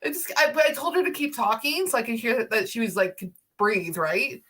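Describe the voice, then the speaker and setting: High bright-voiced woman, chatty. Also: very animated, normal speed. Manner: breathless, laughing storytelling with many "like"s. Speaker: co-host. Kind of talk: casual livestream chat.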